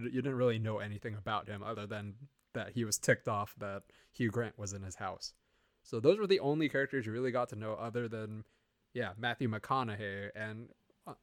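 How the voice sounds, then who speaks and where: A man's voice: on the low side, a bit bright, no echo, studio quality. A man co-hosting a podcast, chatting casually about a film in a rambling way, full of "you know" and restarts. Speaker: podcast co-host. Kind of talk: casual movie review chat. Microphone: remote call microphone.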